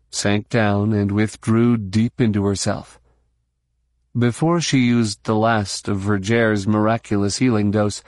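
In this scripted narration, an audiobook narrator reads from a novel in a low, even voice that never hurries and stays measured. The sound is dry and close-miked, free of room tone or echo.

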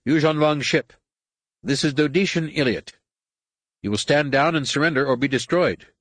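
A man voicing a stern male alien commander who gives curt orders, in a husky voice. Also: on the high side, moderate pace, fairly bright tone, no echo, voice pushed up. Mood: demanding.

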